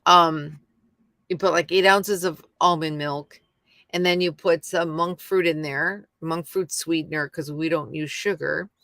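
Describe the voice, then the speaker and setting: A woman's voice: sits low, steady tone, a little slow, a bit bright, no echo, studio quality. A middle-aged woman hosting a casual livestream from home, rambling and chatting with viewers by name. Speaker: YouTube livestream host. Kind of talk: casual live chat with viewers.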